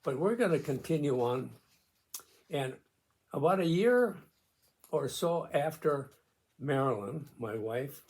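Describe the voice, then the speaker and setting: A man in his nineties talks straight to the camera at a slow, unhurried pace. His voice is gravelly and his delivery gentle and halting, full of pauses. He reads his own words softly and carefully. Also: on the high side, animated. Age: 90s. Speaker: video host on memory loss and caregiving. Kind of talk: slow personal reflection to camera.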